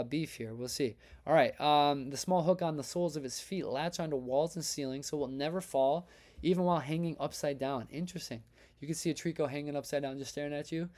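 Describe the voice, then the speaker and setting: A man's voice: fairly high pitch, mellow. A man hosting a live stream, chatting casually and energetically with his chat and reading out their votes. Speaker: livestream host.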